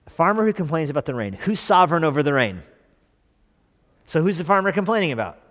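A man's voice: on the high side, big pitch swings, fast, fairly bright tone. Man preaching a conversational sermon in a reverberant church. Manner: conversational, asks the congregation questions. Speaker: pastor.

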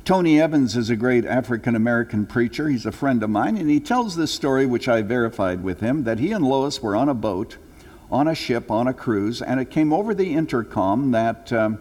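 An older man preaching a sermon to his congregation, telling stories earnestly, rising for emphasis and then dropping low and slow. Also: animated, darkish tone. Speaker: pastor. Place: church sanctuary. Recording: long hall reverb.

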